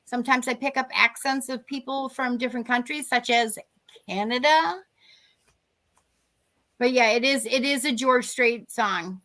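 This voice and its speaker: Over a video call mic, a Boston-accented woman who works as a psychic medium rambles chattily through a live-streamed chat and readings, often cutting herself off mid-sentence. Her voice is fairly high and steady in tone, pushed and bright, at a moderate pace with few pauses.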